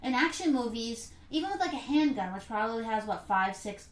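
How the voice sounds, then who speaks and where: A woman with a fairly high voice talks through a movie scene by scene in casual chat. She slips into the characters' voices as she retells what they said. The room around her is echoey. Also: expressive, a little fast, slight background noise. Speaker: podcast co-host.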